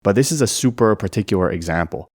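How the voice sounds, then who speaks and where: A man with a low, deep voice narrates an educational explainer. He talks in a clear, methodical way. The sound is close and dry. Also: animated, quick pace, no room sound. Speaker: language explainer.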